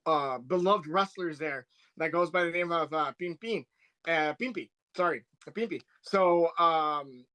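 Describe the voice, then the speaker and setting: A man with a bright, lifted voice, a touch higher than most, talking casually on a podcast. He rambles eagerly, restarting sentences as his excitement runs ahead of him. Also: a little slow. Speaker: podcast co-host. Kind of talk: casual wrestling podcast chat.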